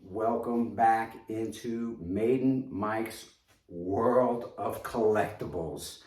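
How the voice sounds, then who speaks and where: Male host with a New York accent, low voice, unhurried delivery, chatty unboxing patter, recorded off-mic in an echoey room. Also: a little mellow, far from the mic. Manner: chatty, hypes his reveals, talks straight to viewers. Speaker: collectibles reviewer. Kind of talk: casual unboxing video.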